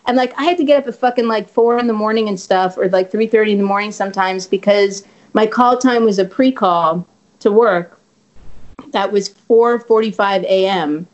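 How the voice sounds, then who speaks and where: A woman's voice: mid-range voice, normal speed. A woman being interviewed as a guest actress, chatting casually and rambling, swearing freely and leaning on filler words. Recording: dull lo-fi audio.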